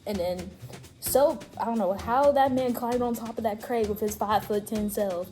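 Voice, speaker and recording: A woman's voice: a little high, normal speed, warm tone, soft background music. A woman co-hosting a casual chat, rambling through a story and often breaking into laughter. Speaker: co-host. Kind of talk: casual chat, recapping a game.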